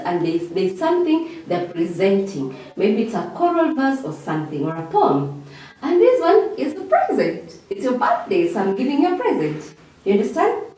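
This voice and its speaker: A woman teacher leads an English revision lesson at an unhurried pace with a mellow, lively voice that swoops up on each "okay?". She drills words by repeating them patiently. The recording is very echoey and she stands away from the mic. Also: mid-range voice. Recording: echoey room, voice from a distance.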